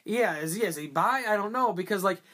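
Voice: medium pitch, expressive, brisk, fairly bright tone. A podcast co-host in a casual movie discussion, rambling with many fillers and restarts and swearing freely.

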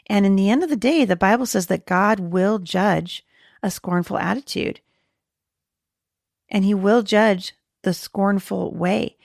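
A woman's voice: medium pitch, vocal fry, dry recording, studio quality. A woman host giving an earnest devotional talk to moms, quoting scripture with frequent fillers and restarts. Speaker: podcast host teaching moms.

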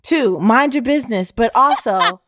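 A woman's voice: fairly high pitch, lively intonation, normal speed, background noise. A woman co-hosting a podcast, giving playful advice in numbered tips and calling the listener "sis". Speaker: podcast co-host. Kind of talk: casual chat.

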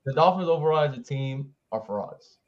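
A man's voice: mid-range voice, expressive, normal speed. A man on a football debate panel, talking in a blunt, insistent way. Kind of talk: heated sports debate. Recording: dull lo-fi mic with faint noise.

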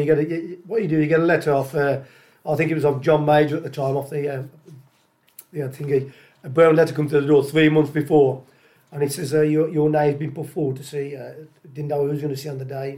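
A middle-aged man, a former footballer guest telling chatty stories full of acted-out dialogue. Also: on the high side. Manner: chatty, animated anecdotes with acted-out dialogue and laughter. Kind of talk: casual storytelling.

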